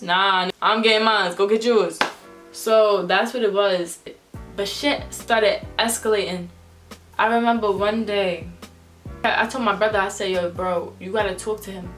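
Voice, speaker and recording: A young woman vlogger telling a candid, profane storytime about a breakup, acting out both sides of the arguments. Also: mid-range voice. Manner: candid, profane, animated retelling. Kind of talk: storytime vlog.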